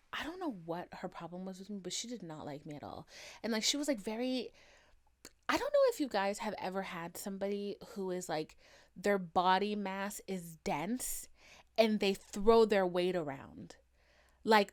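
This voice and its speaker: A young woman hosts her own podcast and talks through a personal story in a loose, conversational way, scattering "like" through almost every sentence. Her voice carries a Valley girl sound edged with a Southern twang, and she swears casually. Her pitch sits in a normal middle range for a woman. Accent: American, Valley girl with Southern twang. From United States and Haiti. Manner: chatty, frequent "like" fillers, swears casually. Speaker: podcast host.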